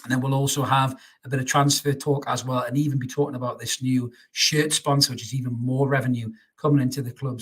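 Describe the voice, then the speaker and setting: A man's voice: mid-range voice, a bit bright, husky. A man hosting a live fan stream, chatting through viewer comments and calling everyone mate. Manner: chatty, calls everyone mate, many restarts. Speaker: fan channel host.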